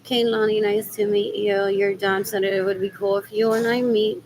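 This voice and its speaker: Rambling woman, higher voice. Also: flat delivery, normal speed, slight background noise, low-quality recording. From Puerto Rico. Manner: rambling, mixes English and Spanish, repeats "what else" over and over. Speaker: vlogger. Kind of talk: rambling personal vlog. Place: out and about running errands.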